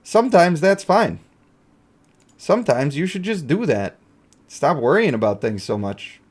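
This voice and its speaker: Jokey male gaming YouTuber, higher voice, rambling playfully while he plays. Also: sing-song, a little slow, breathy edge. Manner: playful, jokey, talks to himself and viewers. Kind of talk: casual gameplay commentary.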